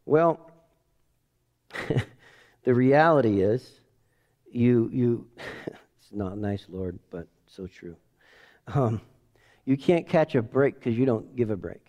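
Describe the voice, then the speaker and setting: A middle-aged man preaching as a pastor, emphatic, swinging from quiet asides to loud bursts and leading the congregation in call-and-response. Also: medium pitch, lively intonation, slow pace, long pauses, highs cut off. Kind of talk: sermon.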